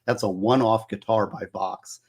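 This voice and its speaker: A man's voice: lowish voice, fairly even intonation, normal speed, breathy edge. A man hosting a casual livestream about music, chatting with viewers in a rambling, enthusiastic way, full of trivia and restarted phrases. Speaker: host.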